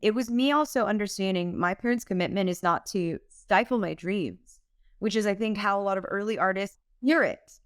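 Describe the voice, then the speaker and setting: A young woman talks candidly as a guest in a podcast interview, earnest and emotional, often laughing. Her voice is smooth and clear at a middle pitch. The sound is close and dry, with no room around it. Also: moderate pace, dry recording. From United States. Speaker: singer-songwriter guest.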